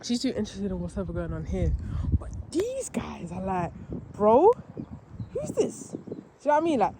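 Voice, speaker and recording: A woman's voice: mid-range voice, sing-song, fast, noisy background. A young woman with a London accent chatting casually in a vlog while walking her puppy outdoors in a park, slang-heavy and laughing nervously, filmed on a handheld phone. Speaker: vlogger. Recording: background music over voice.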